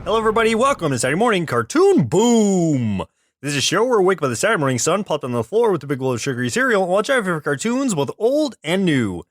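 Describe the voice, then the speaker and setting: A man's voice: high-pitched, big pitch swings, quick pace, no room sound. A man co-hosting a cartoon podcast, chatting casually and playfully, with jokey put-on voices. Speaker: podcast co-host. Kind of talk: casual chat.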